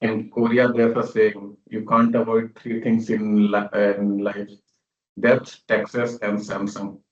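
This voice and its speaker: A man's voice: fairly low pitch, level tone, slow pace. A man organizing an online club meeting, speaking in a plain, matter-of-fact way as he announces results. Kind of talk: casual online meeting talk. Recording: roomy, distant, lo-fi call audio.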